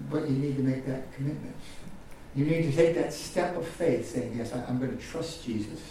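A pastor preaching a sermon, often repeating words and swinging from loud highs to quiet lows. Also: male voice, normal speed, slight background noise. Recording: echoey hall from far off.

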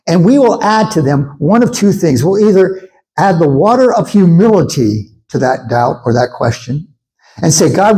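A man preaching a sermon in an animated way, acting out the voices of his listeners as he goes. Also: a little high, gravelly, rough recording. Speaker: pastor.

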